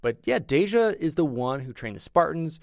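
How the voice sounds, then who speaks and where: A man co-hosting a casual podcast, chatty and quick to add his own commentary. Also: a little high, sing-song, creaky, darkish tone, dry recording, clean studio sound. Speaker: podcast co-host. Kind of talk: casual chat.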